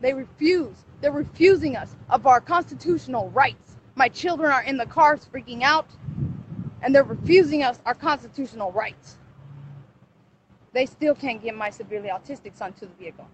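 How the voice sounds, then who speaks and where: A woman with a high voice talks urgently and with agitation, pressing her children to speak up during a live phone stream. She is outdoors beside a car. The audio is muffled and lo-fi, with faint noise behind her. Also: moderate pace. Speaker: mother livestreaming a confrontation.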